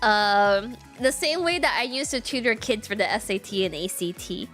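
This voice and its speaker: A woman's voice: a little high, measured pace, soft background music. A woman in her mid-twenties chatting casually on a gaming stream, telling stories with lots of giggles. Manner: giggly, animated storytelling.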